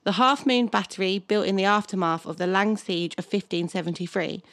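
A woman co-hosts a podcast in a relaxed, chatty way. She laughs easily and reads from her notes with a mid-pitched voice. The sound is dry and close. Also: fairly quick, dry recording. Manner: giggly, reads notes aloud. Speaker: podcast co-host. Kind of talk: casual chat and reading history notes.

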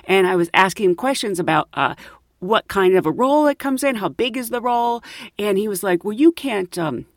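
Animated woman telling a story, lively pitch. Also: moderate pace, no echo, clean studio sound. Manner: animated, self-deprecating, laughs often. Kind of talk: casual storytelling.

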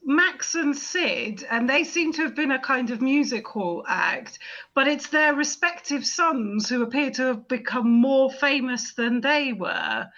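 A woman co-hosting a casual film podcast, lively and chatty. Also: high voice, a little slow, muffled recording. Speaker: podcast co-host.

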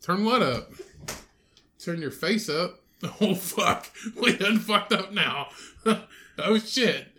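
Bright-voiced man, swearing and teasing. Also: sits high, lively intonation, slow, long pauses, slight background noise. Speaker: podcast co-host. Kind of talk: crude casual chat.

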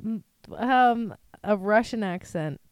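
A young woman co-hosting a podcast, casual chat with quick sarcastic quips. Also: medium pitch, expressive, clean tone, dry recording. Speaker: podcast co-host.

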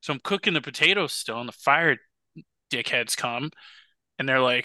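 A young man co-hosting a casual podcast, telling stories with lively, worked-up energy. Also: medium pitch, normal speed, long pauses, no echo. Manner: animated storyteller, gets loud and worked up. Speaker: podcast co-host. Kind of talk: casual chat.

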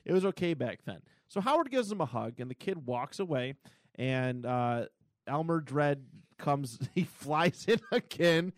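A man co-hosting a comic book podcast, retelling scenes casually with many pauses and fillers. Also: fairly high pitch, expressive, no echo. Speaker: podcast co-host. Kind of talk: casual chat.

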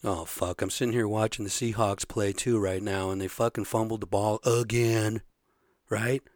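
A man with a sore, slightly raspy throat, ranting bluntly and profanely in a casual monologue, tagging lines with "right?". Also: fairly low pitch, steady tone, normal speed, darkish tone, dry recording, clean studio sound. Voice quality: a little raspy.

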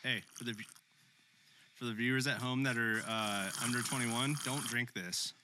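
A man's voice: mid-range voice, steady tone, moderate pace, background noise. A man co-hosting a podcast in casual chat, swearing often and laughing in disbelief. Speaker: podcast co-host.

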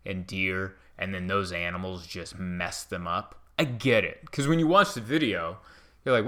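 Male comedian host, bright and animated, riffing casually. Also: low voice, moderate pace. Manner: animated, self-mocking storytelling.

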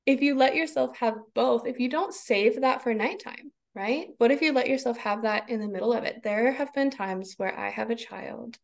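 A woman in her thirties with a somewhat high voice and a gravelly fry. She talks in a casual, expressive way, laughs often and acts out her own inner thoughts. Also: moderate pace, few pauses. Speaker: podcast guest. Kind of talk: casual conversation.

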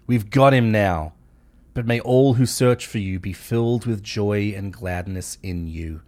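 A man giving a measured, steady scripture reading. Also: fairly low pitch, dry recording. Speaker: Bible reader.

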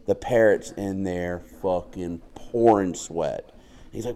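A man with a fairly low voice chats on a casual podcast. He jokes crudely, laughs easily and tells stories in loose banter. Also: normal speed, mellow. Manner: joking, crude, laughs often. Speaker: podcast co-host.

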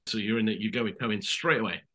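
Fast-talking bright British man. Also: fairly low pitch, slight background noise. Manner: rambling animated storytelling, says "mate". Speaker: guest actor. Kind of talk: casual podcast interview.

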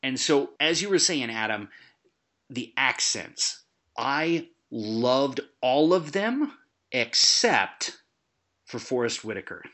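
A man in casual conversation about a film, animated and quick to laugh. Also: mid-range voice.

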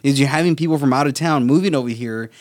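A man's voice: medium pitch, fast, darkish tone. Rambling, profane Texan man. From Texas. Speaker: co-host. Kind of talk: casual podcast chat.

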